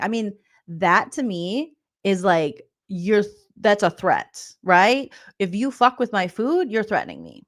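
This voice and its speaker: A woman comedian recapping reality TV in a loud, profane, incredulous rant, laughing often. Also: medium pitch.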